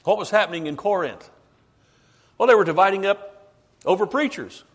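A man preaching a sermon emphatically, asking rhetorical questions and slowing down for stress. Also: high-pitched, expressive, slightly rough.

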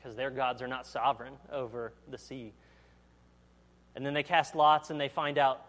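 A man's voice: mid-range voice, fairly even intonation, normal speed, fairly bright tone. Conversational male preacher. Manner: conversational, asks the audience questions; acts out quotes in voices. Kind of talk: sermon with scripture reading.

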